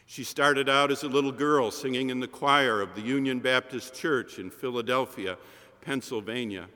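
A man delivers a sermon in a chapel, building his story with rhythmic, repeated cadences. His voice is bright and forceful. The recording has a long, echoing reverb from the chapel. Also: mid-range voice, normal speed. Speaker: preacher.

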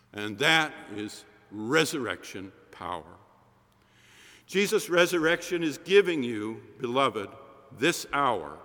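A man's voice: medium pitch, sharp tone, long reverb tail. A man preaching a sermon in a chapel, telling a story in rhythmic, repeated cadences.

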